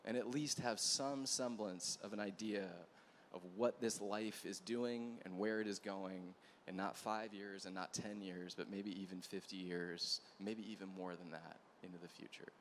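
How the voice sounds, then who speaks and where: A man preaching as a pastor at a church gathering, telling a story in a conversational, animated way with asides to the room. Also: on the low side, normal speed, slight background noise. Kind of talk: storytelling sermon.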